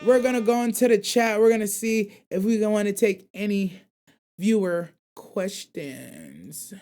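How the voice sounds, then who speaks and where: A man's voice: high voice, expressive, moderate pace, a little mellow, a little hiss or hum. A young man hosting an anime call-in radio show, chatting casually and reading viewer comments in loose, slang-heavy rambles.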